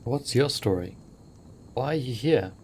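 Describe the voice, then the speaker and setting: A man hosting a let's play, commentating with excitable, wide-eyed awe and the odd swear. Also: mid-range voice, a little slow, slight background noise.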